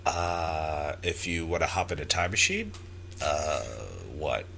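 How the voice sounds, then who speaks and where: Dude from texas cohosting a podcast, slow talker, bright voice. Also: male voice, a bass voice, fairly even intonation, slight background noise. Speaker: podcast co-host. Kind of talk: casual chat.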